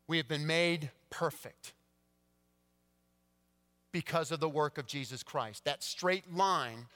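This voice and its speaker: A male pastor preaching a sermon, swinging between hushed, quiet passages and emphatic, rising declarations. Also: fairly high pitch, slow pace. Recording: long church-hall reverb.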